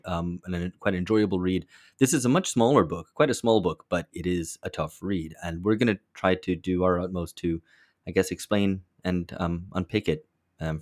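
Deep-voiced man thinking aloud. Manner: thinking aloud, repeats words, frank. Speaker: podcast co-host. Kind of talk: casual discussion.

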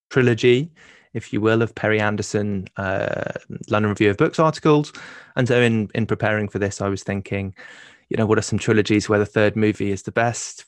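A man's voice: lowish voice, dry recording. Dry-sounding man with a hesitant, joking delivery. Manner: hesitant, many ums and restarts, dry humor. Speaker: podcast co-host. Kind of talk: casual podcast discussion. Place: home in London.

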